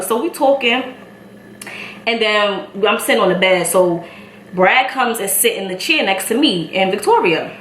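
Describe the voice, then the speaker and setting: Animated Brooklyn woman telling a story. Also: medium pitch, normal speed. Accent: Brooklyn New York. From Brooklyn, New York. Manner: animated storytelling, acting out voices, laughing. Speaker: beauty vlogger. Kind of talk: story time while doing makeup. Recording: echoey room, faint ambient noise.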